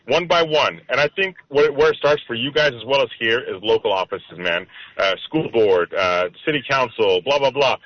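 A man's voice: mid-range voice, dry recording. Chummy male talk radio host. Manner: casual, chummy, many fillers. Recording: dull, dry radio studio audio.

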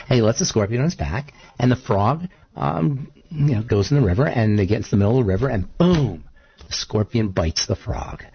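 A man's voice: medium pitch, lively intonation, a little fast, vocal fry, slightly rough, dull audio. A man hosting a casual talk show, rambling and argumentative, making his case with lots of asides. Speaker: show host.

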